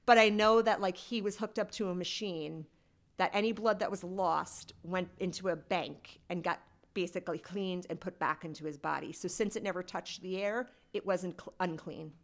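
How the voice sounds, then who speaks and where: Low gravelly woman telling her story. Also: normal speed. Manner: candid and conversational, heavy use of "like". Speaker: podcast guest. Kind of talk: personal storytelling in a podcast conversation.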